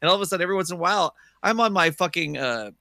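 High-voiced American-style complaining man. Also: animated, racing, gravelly, sharp tone, no echo. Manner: complaining storyteller, heavy swearing. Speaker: podcast co-host. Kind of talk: casual profane banter.

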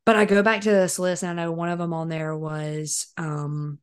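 A woman's voice: low-pitched, flat delivery, moderate pace, clean tone. A young woman co-hosting a podcast in casual chat, telling stories animatedly and laughing often. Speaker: podcast co-host.

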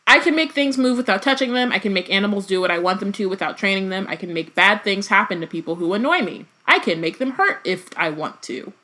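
A woman's voice: mid-range voice, animated, fast talker, hardly any pauses, sharp tone. A woman voicing the boy Tom Riddle, a suspicious and boastful orphan, reading aloud in a plain voice.

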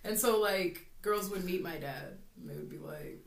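A woman telling stories in a casual chat, animated and laughing often. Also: fairly low pitch, moderate pace. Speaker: podcast co-host. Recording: echoey room.

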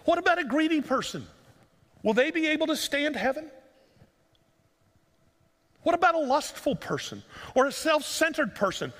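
A pastor with a very high, slightly bright voice preaches a sermon, earnest and pleading, pushing his listeners with one rhetorical question after another. The recording carries the long reverb of a large room.

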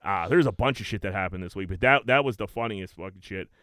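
A young man hosting a casual chat, telling stories in an animated way and swearing a lot. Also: fairly low pitch, quick pace, a crowd in the background. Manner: animated storytelling, heavy swearing and "dude".

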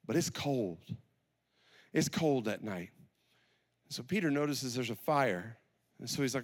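A man preaching a sermon, retelling a story with lively, acted-out quotes. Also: medium pitch, normal speed, pauses often. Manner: animated, acts out scenes with quoted voices. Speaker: pastor.

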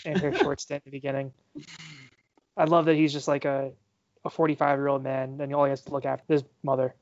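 Relaxed young man, dry muffled audio. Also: mid-range voice, quick pace, dry recording. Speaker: podcast guest. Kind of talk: casual movie chat. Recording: dry, slightly dull podcast audio.

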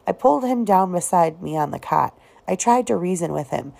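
A woman reads a novel aloud in a steady, unhurried way, her voice sitting low with a noticeable vocal fry. The reading flows calmly from one sentence to the next. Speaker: audiobook reader.

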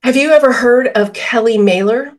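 A woman's voice: a little high, moderate pace. A woman guest on a podcast interview, explaining feelings with everyday examples and quoted dialogue. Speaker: author and guest.

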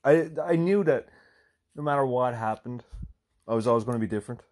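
A man's voice: mid-range voice, a little fast, darkish tone, a little hiss or hum. A man with an Irish accent, hosting a podcast and telling a profane comic story in a chatty way, full of "right?" asides and sudden bursts of emphasis. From Ireland. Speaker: podcast host.

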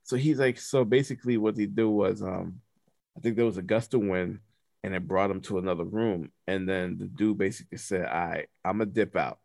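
A man recounts a story in a casual, animated way, with lots of slang and profanity. His voice is low and gravelly, and the sound is dry and close to the mic. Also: fairly quick, no echo.

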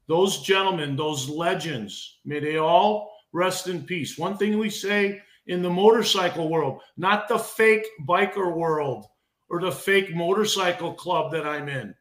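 The podcast guest, a middle-aged veteran wrestler, has a fairly high, fairly bright voice and speaks unhurriedly. Emotion and heat come through as he repeats and restarts his words in an echoey room.

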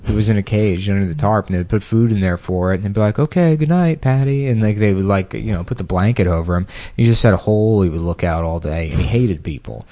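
A man's voice: low-pitched, fairly even intonation, fast, hardly any pauses, dark tone. A man telling a rambling story on a casual podcast, with lots of fillers and crude jokes, short on sleep. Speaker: podcast co-host.

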